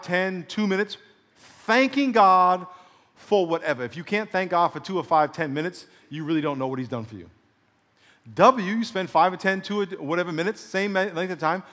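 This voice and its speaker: A man's voice: high voice, normal speed. Man preaching in a reverberant hall. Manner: preaching with call-and-response, then softly guiding prayer. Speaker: pastor. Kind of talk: sermon.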